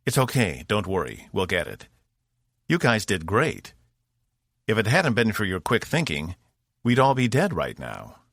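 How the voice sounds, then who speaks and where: A man's voice: fairly low pitch, huge pitch swings, a little slow, a bit bright, no room sound, studio quality, pitched above the performer's own voice, full character voice. A man voicing an injured male commander who grumbles wryly and reassures his crew, in an audiobook. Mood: reassuring. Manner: wry, grumbling, encouraging. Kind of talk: audiobook character voice.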